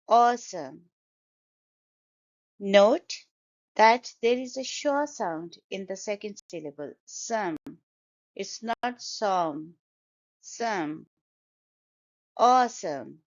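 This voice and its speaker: A woman teaching English vocabulary, pronouncing each word slowly and carefully, syllable by syllable. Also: mid-range voice, dull audio. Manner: slow, careful, syllable-by-syllable pronunciation. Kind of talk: pronunciation lesson.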